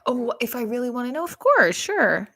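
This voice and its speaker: A woman in her thirties doing casual, profane stand-up on a livestream, rambling with many fillers and often talking quietly. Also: a little high, very animated, normal speed. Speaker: stand-up comedian.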